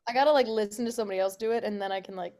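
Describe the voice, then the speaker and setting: A woman's voice: medium pitch, rapid-fire, a little mellow. Chatty young woman who laughs and swears. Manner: chatty, laughs often, swears, says "like" a lot. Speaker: actress guest. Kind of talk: casual interview chat.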